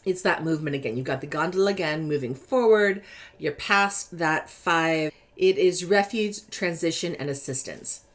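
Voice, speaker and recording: A woman's voice: low-pitched, moderate pace. A woman from California with a Californian accent, chatting casually as she reads tarot cards. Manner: lively, chatty, laughs easily, animated emphasis. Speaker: tarot reader. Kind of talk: casual tarot deck interview reading.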